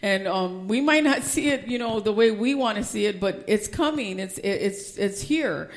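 A woman pastor preaching a sermon, passionate and climbing to loud, fervent peaks. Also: medium pitch, expressive, moderate pace. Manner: impassioned, rising to near-shouting.

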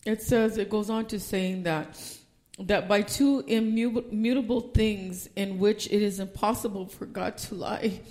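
A woman pastor preaching a sermon, passionate and climbing to loud, fervent peaks. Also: mid-range voice, steady tone, unhurried. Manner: impassioned, rising to near-shouting.

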